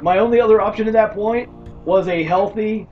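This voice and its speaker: A man chatting casually about tabletop horror games, an animated storyteller who swears freely. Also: sits high, a little fast, soft background music. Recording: distant dull mic with faint background noise.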